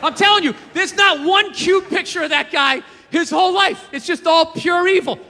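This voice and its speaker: Stand-up comic, male, very high and bright voice, heard in a reverberant hall. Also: normal speed, a faint crowd, a little hiss or hum. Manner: profane, rambling, animated rants with acted-out quotes. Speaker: stand-up comedian. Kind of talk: stand-up comedy routine.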